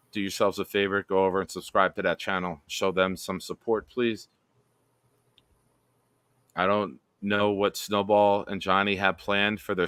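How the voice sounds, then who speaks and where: A man's voice: deep voice, pushed and bright, smooth, no room sound. A man hosting a casual livestream, joking around and reading chat comments aloud. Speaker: livestream host.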